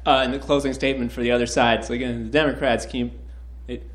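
A man's voice: medium pitch, little pitch movement, fast, a little hiss or hum. A man hosting a live comedy show as debate moderator, loose and joking and swearing freely, recorded in a roomy live venue. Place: comedy stage with live audience.

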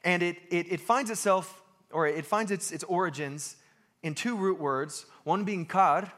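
A young American man preaching a sermon in a lively, emphatic way. He pokes fun at himself and repeats lines for weight. His voice sits a little high for a man. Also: measured pace. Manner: lively, self-deprecating, emphatic with repeated phrases. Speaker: pastor.

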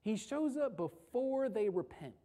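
A woman's voice: fairly high pitch, very animated, a little slow, warm tone. A woman preaching a sermon with emphasis, repeating key phrases and asking the listeners rhetorical questions.

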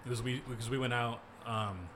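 A man's voice: mid-range voice, a little fast, fairly bright tone. This is a young man telling stories in a loose, casual chat. He rambles, laughs a lot and swears offhandedly. A faint hiss of noise sits behind his voice. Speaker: podcast co-host.

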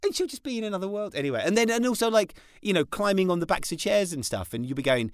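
British male podcast co-host, animated storyteller, higher voice, swooping delivery. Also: fast talker, few pauses, no room sound, clean studio sound. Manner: animated, acts out his kids' voices in storytelling. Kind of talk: casual chat. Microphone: studio mic in vocal booth.

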